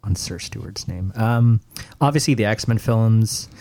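A man's voice: on the low side, unhurried, darkish tone, no echo. A man co-hosting a movie podcast, cracking crude jokes and teasing, often trailing off into mutters. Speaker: podcast co-host. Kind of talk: casual chat.

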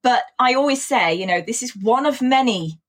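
A woman's voice: a little high, expressive, normal speed. A woman from England with a hybrid British accent shaped by travel. She is an English teacher answering interview questions in a chatty, explanatory way.

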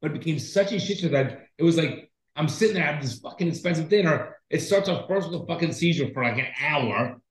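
A man's voice: on the high side, animated, fast, hardly any pauses, reverberant, low-quality recording. A man co-hosting a podcast, telling a long story in a rambling, profane, casual way. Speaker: podcast co-host. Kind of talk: casual chat.

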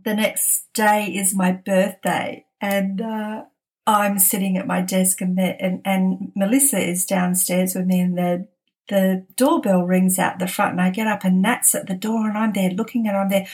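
A woman's voice: mid-range voice, moderate pace. A middle-aged woman, casually telling a personal anecdote, laughing often and acting out the voices of the people in it. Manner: lively, laughs often, acts out quoted voices. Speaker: podcast storyteller.

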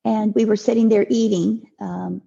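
An older woman tells a painful family story as an interview guest. Her voice is gravelly and husky with a mellow, dark tone. She speaks haltingly and often restarts, on a dull, lo-fi recording. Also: mid-range voice, steady tone. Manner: halting, with restarts and repeated words. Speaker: podcast guest. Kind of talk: emotional personal storytelling in an interview.

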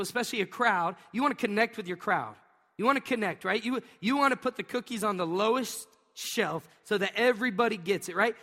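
High-voiced man preaching in a reverberant hall. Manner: animated storyteller, laughs often, acts out voices. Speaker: pastor. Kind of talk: sermon. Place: large church hall.

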